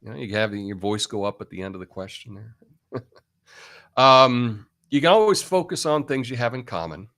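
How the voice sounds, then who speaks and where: A man's voice: medium pitch, animated, moderate pace, a bit bright. A man hosting a live talk show in a casual, blunt monologue, tagging his points with "right?" and laughing at his own asides. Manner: chatty and blunt, tags lines with "right?". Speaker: host.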